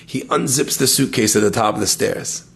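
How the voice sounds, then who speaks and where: A man teaching a lively Torah lesson, telling stories and using Hebrew terms. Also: on the low side, moderate pace, creaky. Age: adult, schooled in yeshiva. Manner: animated storyteller, uses Hebrew terms.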